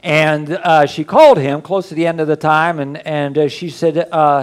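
Man preaching, rambling and jokey, fairly high voice. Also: steady tone, moderate pace, hardly any pauses. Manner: folksy, rambling, jokey storytelling. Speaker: pastor. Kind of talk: casual sermon with prayer.

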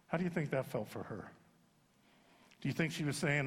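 A man pastor giving an animated, comic sermon in a church sanctuary. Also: fairly high pitch, a little fast, pauses often. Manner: animated storyteller, jumps into acted voices. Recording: long sanctuary reverb.

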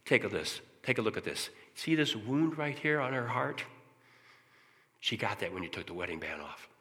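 A man voicing God as a gentle, fatherly male spirit who speaks softly and calmly. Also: on the low side, normal speed, long reverb tail. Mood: tender. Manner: soft, calm and reassuring.

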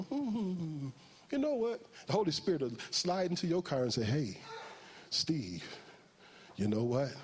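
Pastor, male, husky voice pitched a bit high, animated preaching. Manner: animated preaching, acts out quotes in raised voice; slow soft prayer at the close. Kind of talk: sermon.

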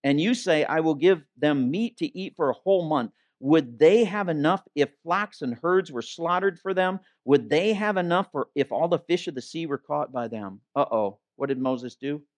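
A male interim pastor delivers a sermon in a relaxed, conversational way, slipping into quick character voices when he quotes people. His voice sits a touch high for a man. The sound is dry and close. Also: no room sound.

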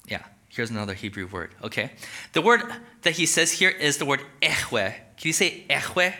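Bright-voiced man preaching a sermon. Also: medium pitch, brisk. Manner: conversational, animated, asks the audience questions. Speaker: pastor.

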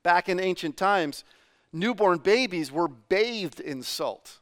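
A man's voice: high-pitched, lively intonation, takes it slowly. A middle-aged man from New England preaching a sermon in a loose, conversational way, full of fillers and questions to the congregation. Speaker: pastor.

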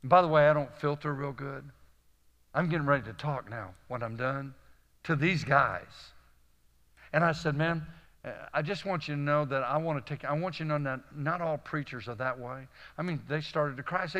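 A man preaching to a live audience, telling folksy stories with a Southern "y'all" and lively, animated delivery. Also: a little high, normal speed, in a large hall. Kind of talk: storytelling sermon.

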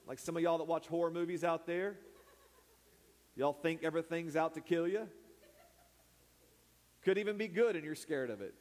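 A man, a pastor preaching a sermon who calls out to the congregation to repeat words after him. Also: on the high side. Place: church sanctuary. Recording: long hall reverb.

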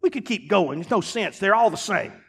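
A man pastor preaching a sermon in a folksy, emphatic way, dropping now and then to quiet asides. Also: sits high, expressive, a little fast, gravelly, slightly rough, big-room sound. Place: church sanctuary.

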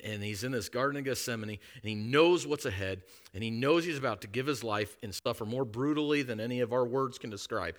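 Male preacher, emphatic sermon delivery, bright tone, hushed to loud. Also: mid-range voice.

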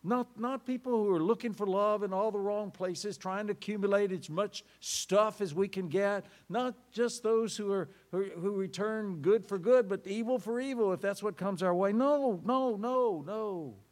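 A man's voice: moderate pace, hardly any pauses, a little mellow. A man pastor giving a sermon with dramatic storytelling, reading scripture and telling a story. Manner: dramatic storytelling with sweeping pitch swings.

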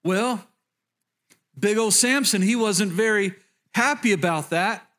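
A pastor with a notably high voice tells a Bible story from the pulpit. He speaks in an animated, conversational way and turns to address the congregation directly. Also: slow pace. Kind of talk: sermon retelling a Bible story.

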